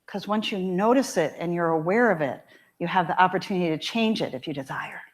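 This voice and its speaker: A woman minister preaching a sermon in a church, emphatic and expressive, repeating key lines slowly for weight. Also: lowish voice. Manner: emphatic and expressive, with measured repetition. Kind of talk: sermon with storytelling. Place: church sanctuary.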